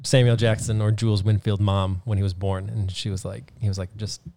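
A man's voice: on the low side, little pitch movement, fairly quick, vocal fry, noisy background. A young man co-hosting a casual movie podcast, cracking jokes and laughing often. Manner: joking, quips, laughs often. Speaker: podcast co-host.

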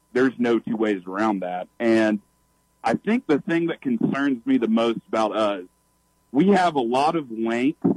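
A man calling in to a sports radio show, laying out his opinion in an earnest, measured way. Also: mid-range voice, a little mellow, dry recording, low-quality recording. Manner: earnest, measured analysis with frequent "I think".

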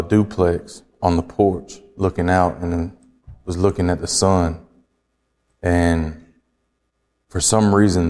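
A man from Georgia, slowly and reflectively telling his life story as an interview guest. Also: sits low, a little mellow, big-room sound. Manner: slow, reflective, halting. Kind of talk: personal testimony in conversation.

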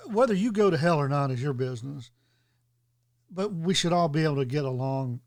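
Guy with a slightly high voice giving his firm opinions on a podcast. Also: lively intonation, a little mellow. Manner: opinionated, emphatic pauses. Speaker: podcast co-host. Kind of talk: casual chat.

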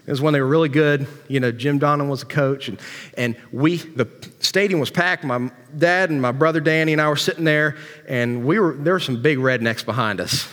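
Male pastor, high pitch, folksy humorous sermon delivery, reverberant church sanctuary. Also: brisk, fairly bright tone.

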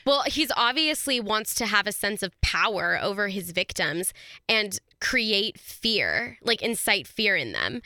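Bright young woman reacting in shock. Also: mid-range voice, very animated, unhurried, no echo, clean studio sound. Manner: reactive, exclaims in shock, analyzes motives. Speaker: podcast co-host. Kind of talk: casual true-crime chat.

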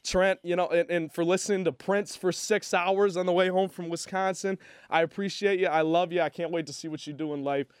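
A young man, a college radio host, paying an earnest, halting farewell tribute to a colleague on air. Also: high voice, steady tone, clear, resonant tone, dry recording, clean studio sound. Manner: earnest, halting, softening as he goes.

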